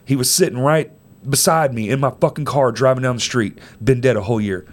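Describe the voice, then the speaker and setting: A man telling a personal story in casual chat, swearing freely and dropping to quiet, low tones at heavy moments. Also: fairly quick. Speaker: storyteller in conversation.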